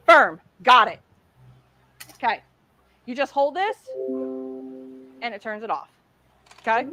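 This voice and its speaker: Chatty high-voiced woman demoing crafts. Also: dry recording. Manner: chatty, excitable, demonstrating while talking. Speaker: craft livestream host. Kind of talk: casual livestream demo.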